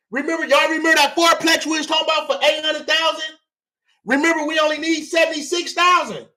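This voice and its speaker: A man's voice: very high-pitched, pushed and bright. A man hosting a livestream, teaching money and real estate to his viewers in a hyped, preachy way, often repeating himself and using slang.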